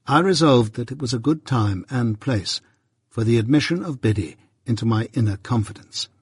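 Husky-voiced man reading a classic novel. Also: mid-range voice, darkish tone, no room sound, studio quality. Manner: measured and reflective. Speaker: audiobook narrator. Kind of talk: scripted first-person narration of a classic novel.

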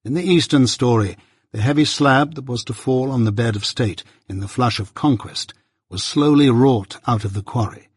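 A male audiobook narrator reads a classic novel in a measured, earnest way. His voice sits at a middle pitch and has a husky, slightly breathy texture. The recording is close and dry, with no audible room around it. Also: no room sound.

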